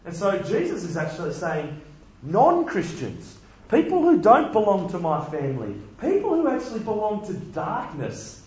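A man's voice: high-pitched, wildly swooping pitch, normal speed, a little mellow, heavy reverb, dull audio. A man giving a conversational sermon full of rhetorical questions. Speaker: preacher.

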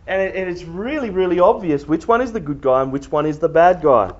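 Emphatic, high-voiced male preacher. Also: animated, brisk. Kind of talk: sermon. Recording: echoey, dull room recording.

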